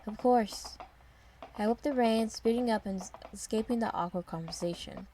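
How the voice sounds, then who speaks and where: A woman's voice: fairly high pitch, brisk, mellow, a little hiss or hum. A woman narrating a first-person story in a descriptive, wry way.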